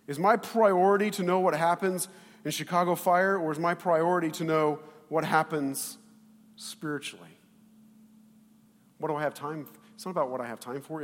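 A man pastor preaching a sermon in an animated way, with loud bursts and quiet asides, acting out the quoted voices. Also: a little high, normal speed, big-room sound.

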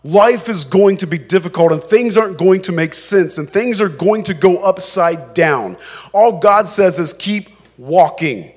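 A male pastor preaching a sermon, slow and emphatic, acting out the people in the story as he goes. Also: sits high.

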